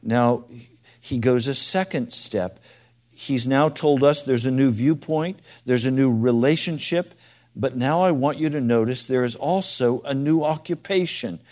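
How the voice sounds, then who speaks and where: A man gives a sermon at a slightly slow pace in a medium-pitched voice. He questions his listeners directly, switching between gentle, quiet asides and loud, emphatic appeals.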